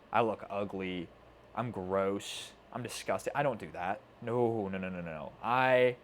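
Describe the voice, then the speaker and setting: Earnest man giving a motivational talk. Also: fairly low pitch. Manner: earnest, repeats himself, swears casually. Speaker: self-improvement coach. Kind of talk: casual motivational talk to camera. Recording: faint background noise.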